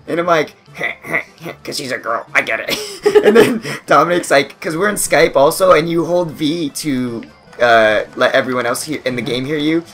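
A man's voice: fairly high pitch, very animated, moderate pace, a bit bright. A man co-hosting a gameplay video, telling rambling stories, laughing and mimicking other people. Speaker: gaming channel co-host. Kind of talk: casual gameplay commentary.

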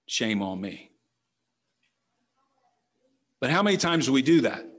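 A man's voice: medium pitch, a bit bright. A middle-aged man, a pastor, preaching a conversational sermon in a church, full of rhetorical questions. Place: church sanctuary.

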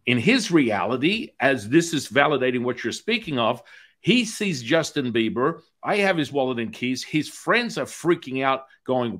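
A man's voice: mid-range voice, very animated, moderate pace, fairly bright tone. A middle-aged man hosting an interview podcast, talking in a rambling way with restarts and anecdotes. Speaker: podcast host. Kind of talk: conversational interview.

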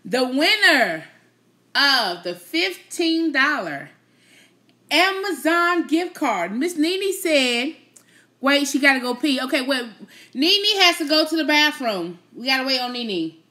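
A woman with a high, bright voice hosts a casual live stream. She chats with her viewers at an unhurried pace, teasing them playfully and laughing often. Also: sing-song.

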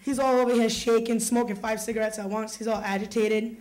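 Brief: teen girl, fairly high voice, casual wry storyteller, stage monologue. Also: steady tone, a little fast, darkish tone. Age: teens. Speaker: youth monologue performer. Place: small stage.

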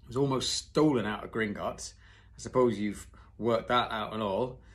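A man reading aloud and voicing a big, gruff gamekeeper who is proud and secretive, speaking firmly and with emphasis. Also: on the low side, moderate pace, close to an everyday voice.

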